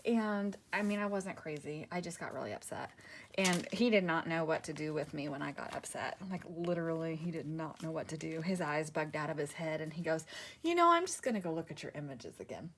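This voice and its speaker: Her voice is deep and brisk, with fairly even intonation and a little hiss or hum on the recording. The crafting vlogger chats casually to viewers from her table, rambling, laughing a lot and cutting herself off.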